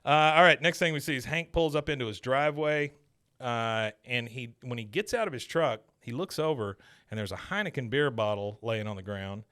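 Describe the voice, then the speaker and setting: A man's voice: mid-range voice, normal speed, no room sound. Rambling male podcast host, dry mic. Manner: animated storyteller, loose and rambling with filler words. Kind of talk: casual episode recap chat.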